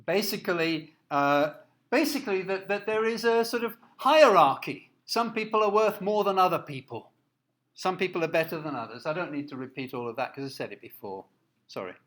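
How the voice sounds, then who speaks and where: Guy giving a lecture, kinda high voice, lots of um and uh, walks you through slides. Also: animated, fairly bright tone. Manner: halting, many fillers and restarts; explanatory, asks listeners to look at slides. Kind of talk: recorded lecture.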